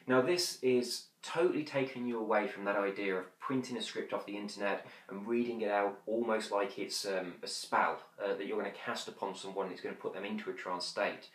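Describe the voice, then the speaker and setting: A man teaching hypnosis in a quick, chatty way with many fillers, now and then slowing to a soft, drawn-out demonstration. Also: on the low side. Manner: drops to slow whispery demonstrations. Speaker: hypnosis instructor. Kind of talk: conversational teaching. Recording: roomy echo.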